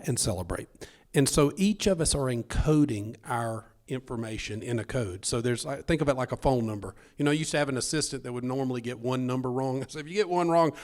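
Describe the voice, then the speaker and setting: Man, middle pitch, excitable, joking, panel speaker. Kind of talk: casual panel talk.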